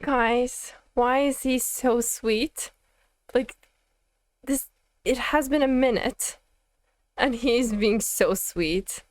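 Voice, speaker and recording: A woman's voice: on the high side, drawn-out words, long pauses, dry recording. A young woman streaming a game and reacting, giggling, flustered and gushing in casual commentary.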